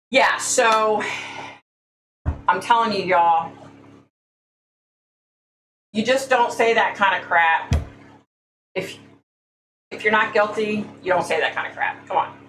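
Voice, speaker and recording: In casual livestream chat, a woman with a mid-range, fairly bright voice speaks slowly with long pauses. She's the host, blunt and opinionated, and says "y'all." Her mic is far off in an echoey room with a faint hum.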